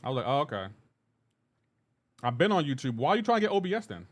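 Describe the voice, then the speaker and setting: With a slightly high voice that races along and swings widely in pitch, a man chats casually on his game livestream. He reads viewers' messages out and answers them in a laid-back manner, rambling, restarting often, and breaking off to comment on play.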